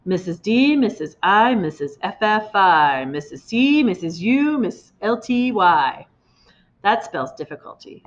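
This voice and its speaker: A woman's voice: medium pitch, sing-song, unhurried. A woman voicing an eager young schoolboy reciting a spelling rhyme in a sing-song way, in a slightly muffled recording.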